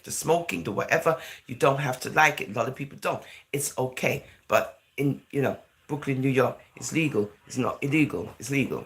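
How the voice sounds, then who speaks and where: Vlogging from England, a woman with a very deep but fairly bright voice talks to camera in a chatty, rambling monologue. "You know" and "right?" fill her speech, along with bits of Jamaican-style phrasing.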